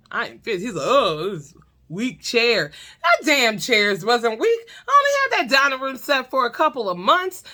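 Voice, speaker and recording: Woman on her own camera, bright punchy voice, cussing and cracking up as she tells it. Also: mid-range voice. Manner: animated, laughs often, blunt and profane. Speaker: storytime vlogger. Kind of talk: casual comedic storytime. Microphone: talking to her own camera.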